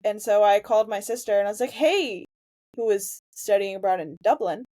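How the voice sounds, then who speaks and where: Mellow-voiced young woman, dry mic. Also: mid-range voice, fairly even intonation, fast talker, no echo. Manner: chatty storyteller, acts out quotes. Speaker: podcast co-host. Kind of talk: casual sports chat.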